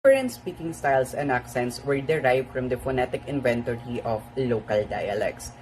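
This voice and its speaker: A student giving a class presentation, halting and full of "uh" fillers. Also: medium pitch, lively intonation, darkish tone, a little hiss or hum, rough recording.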